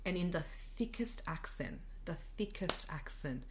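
An Australian woman, a podcast guest, telling a story in casual chat, animated and full of "like" fillers. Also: on the low side, unhurried, a little hiss or hum. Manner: animated, many "like" fillers, laughs often.

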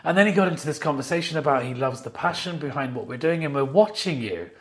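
A man's voice: on the high side, quick pace. A middle-aged man, a watch company founder, chatting as a podcast guest in an office and acting out the lines he quotes. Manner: animated storyteller, acts out quoted lines. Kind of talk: casual chat.

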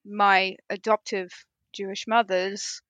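A woman on a podcast panel, telling lively stories in casual chat and acting out her relatives with a laugh. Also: mid-range voice, takes it slowly, dry recording. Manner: animated storyteller, laughs often, mimics relatives.

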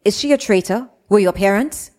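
A woman voicing a calm man of authority who asks measured, pointed questions in an audiobook. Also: mid-range voice, big-room sound, pitched above the performer's own voice, lightly acted. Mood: probing.

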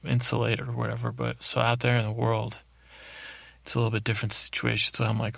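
A man telling a rambling comedic story as host, deadpan and halting, full of fillers and restarts, into a studio microphone. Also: medium pitch, gravelly, no room sound. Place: isolated recording space.

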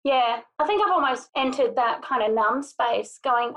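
A woman's voice: on the high side, brisk, gravelly, hardly any pauses, fairly bright tone. A woman co-hosting a podcast, chatting casually in an exasperated way and laughing easily. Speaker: podcast co-host.

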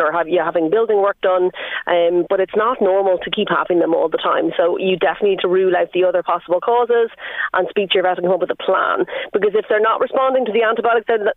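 Irish woman vet on the phone, earnest, quick delivery, thin dry line. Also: medium pitch, dry recording, phone-quality sound. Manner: earnest, rapid, lots of fillers and repeats. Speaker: veterinarian guest. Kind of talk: radio phone-in advice.

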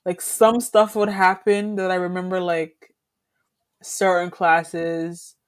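A young woman co-hosting a podcast, telling a school story in a casual, animated way and laughing as she acts out what people said. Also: on the low side, slow. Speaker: podcast co-host.

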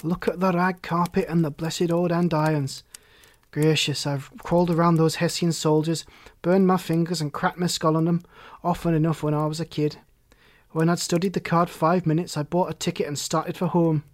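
A man reading the part of a wistful, remorseful grown man, speaking in a measured, reflective way. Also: a little high, level tone, lightly acted.

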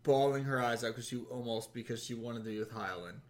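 A man's voice: medium pitch, quick pace. A man co-hosting a casual chat who chimes in, agrees and laughs while recapping a TV episode. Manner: chiming in and agreeing, laughing at the story. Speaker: podcast co-host.

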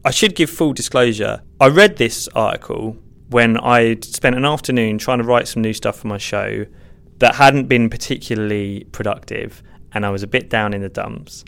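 This young adult stand-up comedian, a podcast guest, meanders through earnest interview answers, self-deprecating and full of restarts. His fairly low voice is creaky and fairly bright, with a clear, resonant tone.

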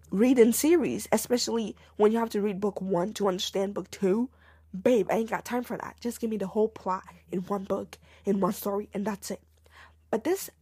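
A young woman hosting a casual solo podcast, chatting in an animated, slangy way and calling her listeners babes. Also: mid-range voice, breathy edge, no room sound, clean studio sound. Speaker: podcast host.

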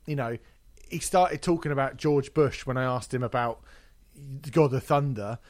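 A man hosting a podcast, telling stories in an animated, swearing, laughing way. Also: mid-range voice, moderate pace. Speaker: podcast host. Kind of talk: casual chat.

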